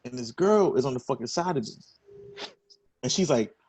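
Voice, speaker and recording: A young adult man co-hosting a casual chat, telling an animated, profane story with exaggerated quoted lines. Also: medium pitch, normal speed, husky, no echo. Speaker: co-host.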